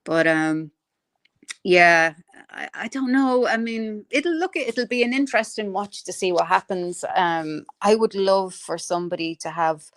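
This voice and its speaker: A livestream host with a medium-pitched, slightly bright voice speaks at a measured pace in a dry, studio-quality recording. She chats bluntly with viewers about their comments, rambling and opinionated as she thinks aloud.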